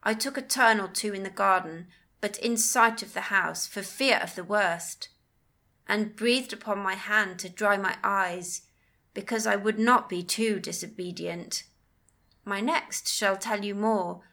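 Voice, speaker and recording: A woman narrating a first-person audiobook with measured, earnest storytelling. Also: medium pitch, sharp tone.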